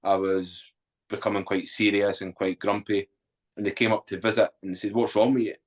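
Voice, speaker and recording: A man's voice: sits low, flat delivery, normal speed. A man, a podcast guest telling his story candidly and bluntly, swearing freely.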